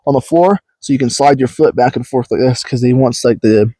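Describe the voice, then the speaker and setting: A young man co-hosting a casual chat, telling rambling stories full of swearing and loud acted-out quotes. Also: mid-range voice, fairly quick, slightly rough, no echo. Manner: rambling storyteller, swears a lot, acts out quotes loudly. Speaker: podcast co-host.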